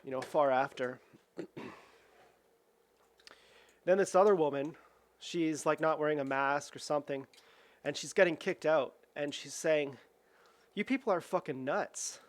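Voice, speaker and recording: A man's voice: on the high side, fairly even intonation, unhurried, pauses often, dry recording. A young man tells a rambling story while cooking at home, with lots of "like", restarts and acted-out quotes. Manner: rambling, full of "like" and restarts, acts out quoted voices. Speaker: vlogger.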